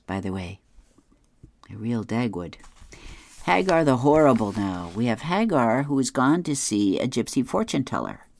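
A woman's voice: extremely low pitch, a little mellow, no echo. A woman reading newspaper comic strips aloud, describing each panel and chuckling at the jokes.

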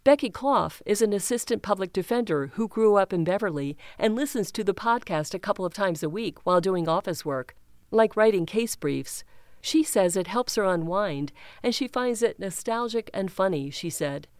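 A woman reading a news article aloud in an even, measured way, raising her pitch slightly when she reads quotes. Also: dry recording, clean studio sound. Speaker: news reader.

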